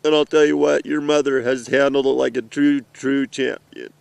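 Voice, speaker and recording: A middle-aged man gives a heartfelt, halting message to his children while seated outdoors in the mountains. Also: medium pitch, fairly even intonation, gravelly, darkish tone, smooth, no room sound. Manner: earnest, emotional, halting. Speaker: father addressing his children.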